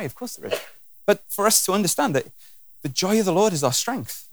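A man's voice: high voice, fairly quick, noisy background. A man preaching a sermon with humour, acting out scenes and voices as he goes. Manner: animated and humorous, acting out scenes.

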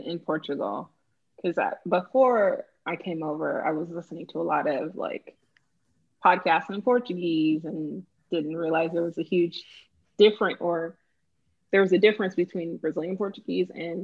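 A woman's voice: on the low side, moderate pace, slightly rough, dull audio. A woman hosting a podcast, chatting casually and laughing easily. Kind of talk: casual chat.

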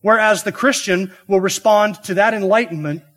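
A man's voice: sits high, normal speed, a bit bright. A man preaching an expository sermon, earnest and emphatic, asking the listeners rhetorical questions. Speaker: pastor.

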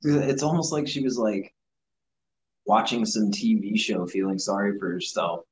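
A man's voice: fairly low pitch, moderate pace, a little hiss or hum, poor audio. A man talking casually about a TV series, loose and full of "like". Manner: relaxed, lots of "like" fillers. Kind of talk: casual chat about a TV show.

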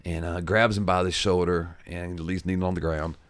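A man's voice: low-pitched, fairly even intonation, normal speed, dry recording. A man co-hosting a podcast, telling a long story in a rambling way with many restarts. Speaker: podcast co-host. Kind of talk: casual storytelling.

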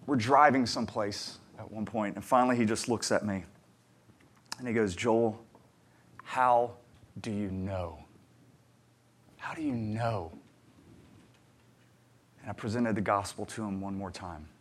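A man preaching a sermon, telling a personal story in a conversational, earnest way and pressing his listeners with emphatic questions. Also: medium pitch. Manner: earnest, conversational, swings between quiet asides and emphatic questions. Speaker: pastor.

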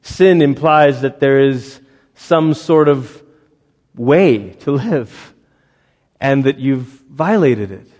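A man's voice: medium pitch, expressive, takes it slowly, a little mellow. Man preaching in a reverberant hall. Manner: dramatic, acts out quoted voices. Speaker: pastor. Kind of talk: sermon.

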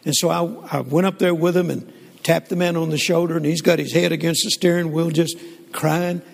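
Older guy preaching, gravelly and highish, big hall echo. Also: fairly quick. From Southern United States. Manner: folksy, animated storyteller with many restarts. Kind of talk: sermon storytelling. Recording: long hall reverb.

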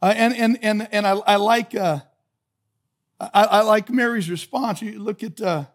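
A male pastor preaching a sermon, animated and joking, moving between quiet remarks and loud hollering. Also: high voice, a little slow.

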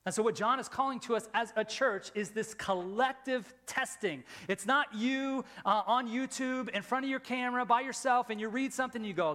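Middle-aged guy preaching, pretty high voice, big echoey church hall, gets loud then drops way down quiet. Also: moderate pace. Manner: emphatic, swings from loud rising questions to soft low asides. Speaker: pastor. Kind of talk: sermon. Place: church sanctuary. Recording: long reverb of a large hall.

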